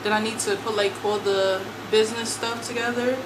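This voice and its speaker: A woman's voice: fairly high pitch, steady tone, fairly quick. Young woman vlogger, chatty and slangy, talking while she tidies, noisy home recording. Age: 20s. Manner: chatty, slangy, talks to herself as she works. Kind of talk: casual chat while decluttering. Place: her apartment.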